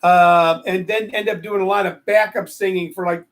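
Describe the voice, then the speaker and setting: A man's voice: high-pitched, steady tone, moderate pace. A man hosting a casual live show, joking and rambling as he answers commenters from the chat. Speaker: show host.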